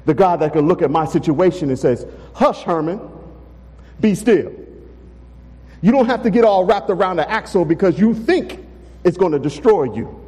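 A pastor preaches with an unusually high, mellow voice, pressing his congregation with rhetorical questions. He speaks emphatically from the pulpit. His words ring out with the long reverb of a church sanctuary. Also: lively intonation, fairly quick. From Texas. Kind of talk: sermon.

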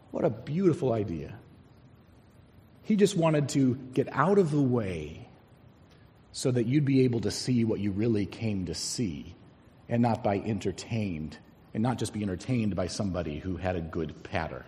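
A male pastor preaching a sermon, telling a story and slowing down to stress key words. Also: lowish voice, expressive, darkish tone. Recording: long hall reverb.

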